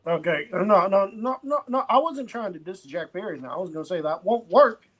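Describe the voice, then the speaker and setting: A man's voice: sits high, lively intonation, fairly quick, fairly bright tone. A man co-hosting a wrestling podcast in casual chat, eagerly agreeing and repeating his points. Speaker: podcast co-host.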